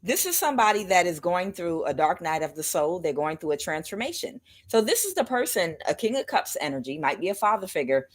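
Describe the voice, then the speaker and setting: A woman with a fairly low voice reads tarot cards for her viewers in a loose, chatty way. Her pitch swings widely as she rambles and guesses aloud, speaking right to the people watching. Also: very animated, brisk, hardly any pauses. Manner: rambling and speculative, addressing viewers directly. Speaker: tarot reader. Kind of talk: casual spiritual tarot reading.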